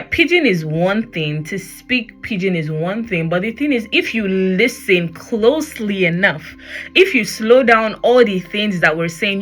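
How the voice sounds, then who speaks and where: A young Nigerian woman with a Nigerian accent, chatting on her own podcast and slipping into Pidgin as she acts out what people said. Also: a bit bright. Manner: chatty, switching into Pidgin, acting out quotes in a high voice. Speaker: podcast host. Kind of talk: personal podcast monologue.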